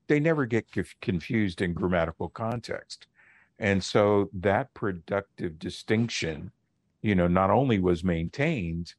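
Deep-voiced man explaining on radio. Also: no room sound. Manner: measured, lecturing with pauses. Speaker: linguist guest. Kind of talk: explaining on a call-in radio show.

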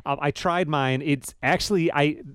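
A man hosting a radio show, chatting casually with a relaxed, self-deprecating manner in a studio. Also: on the high side, normal speed, clear, resonant tone, dry recording. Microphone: studio microphone.

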